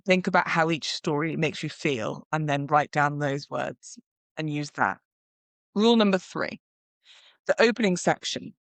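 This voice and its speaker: A woman, a wedding celebrant, hosting a podcast and giving chatty, animated advice while she acts out example vows. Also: sits low, unhurried, vocal fry, dry recording. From United Kingdom. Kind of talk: casual advice monologue.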